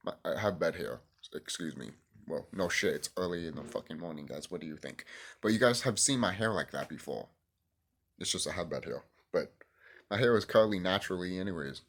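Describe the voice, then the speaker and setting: A man rambling excitedly and cursing freely in a casual vlog monologue to his viewers. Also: low-pitched, fairly quick. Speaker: YouTuber.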